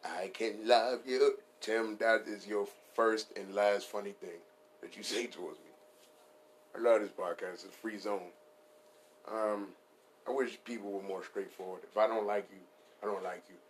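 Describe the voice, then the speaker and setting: Low-pitched male podcast comic, loose, profane, rambling. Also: steady tone, normal speed, a little hiss or hum. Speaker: podcast host. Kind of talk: casual comedic riffing.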